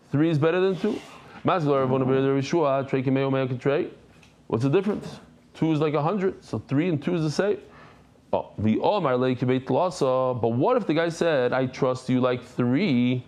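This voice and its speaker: A middle-aged man, a rabbi, teaching a daily Talmud class in an animated, conversational way, mixing Hebrew and Aramaic terms into his English. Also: on the high side. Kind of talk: lively Talmud lesson.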